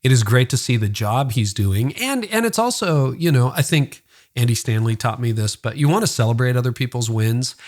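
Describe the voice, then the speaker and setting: A man's voice: lowish voice, darkish tone. A man who is a former pastor, talking candidly and earnestly in a podcast conversation, rambling a little and acting out the voices of people he quotes.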